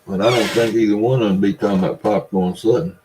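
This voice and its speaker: An older man with a Southern US accent and a low-pitched voice tells rambling, folksy stories. He chats casually on a livestream and talks straight to his viewers. A faint background hiss runs under his voice. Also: steady tone, quick pace. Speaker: livestream host. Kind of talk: casual livestream chat, reading viewer comments.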